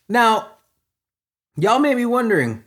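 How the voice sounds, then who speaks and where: A man's voice: sits high, vocal fry, fairly bright tone. A man hosting a podcast, delivering a heated, sarcastic, profane comedic rant. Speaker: podcast host.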